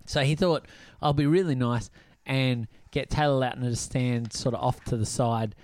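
A middle-aged man hosting a casual podcast chat, telling stories in an animated way and jumping into high voices to quote people. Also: normal speed. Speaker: podcast host.

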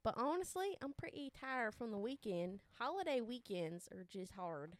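A woman's voice: on the high side, sing-song, normal speed, no room sound. A woman co-hosting a casual chat, joking and blunt, now and then putting on a playful Southern drawl. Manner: blunt and profane. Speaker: podcast co-host.

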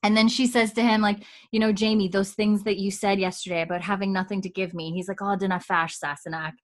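A woman's voice: mid-range voice, little pitch movement, quick pace. Chatty woman recapping a show. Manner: retells scenes with quoted lines, chatty and giggly. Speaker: podcast co-host. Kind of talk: casual recap chat.

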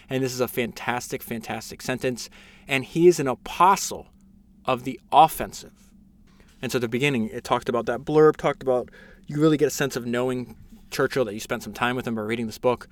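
A man hosting a casual podcast, summarizing a biography with enthusiasm, reading passages aloud with frequent fillers and restarts. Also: mid-range voice. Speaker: podcast host.

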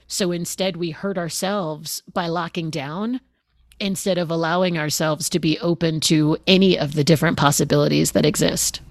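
A woman interview guest talking in a conversational way, expressive and laughing as she speaks, acting out the words of others. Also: low voice, normal speed, no echo, clean studio sound. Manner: expressive, laughs as she talks, acts out quotes.

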